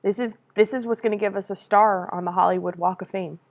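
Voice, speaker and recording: A woman co-hosting a casual stream, talking at a medium pitch. She brainstorms in an animated, rambling way, tosses in swear words and breaks into laughter. Her delivery is loose and unscripted. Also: fast. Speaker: streamer co-host.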